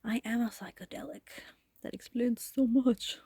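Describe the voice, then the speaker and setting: A woman's voice: a little high, fairly even intonation, moderate pace, warm tone, breathy edge, dry recording, clean studio sound. A woman talking to camera in a rambling, self-reflective vlog monologue, laughing often. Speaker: vlogger.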